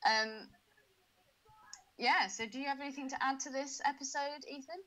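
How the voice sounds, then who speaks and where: A woman's voice: sits high, normal speed, highs cut off. A woman co-hosting a podcast, chatting crudely and laughing often. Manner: laughing a lot, crude and lively. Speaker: podcast co-host. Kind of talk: casual banter.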